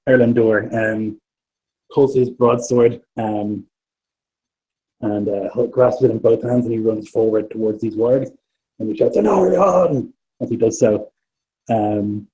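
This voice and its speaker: Lowish-voiced man running a tabletop game. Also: a little mellow, husky, poor audio. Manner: hesitant, filler-heavy narration. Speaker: game master.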